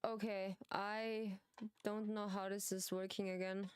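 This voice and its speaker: Slow-talking German-accented woman streamer. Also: mid-range voice, level tone, clear, resonant tone, no echo, soft background music. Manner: halting non-native English, giggly, chatty with restarts. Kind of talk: casual gaming stream chat.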